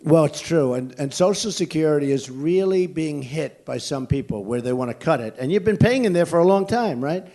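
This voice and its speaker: A man's voice: fairly high pitch, lively intonation, brisk, few pauses, mellow. An older man from the United States answering questions at a campaign rally, blunt and emphatic, repeating his points. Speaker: presidential candidate at a rally. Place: large indoor venue.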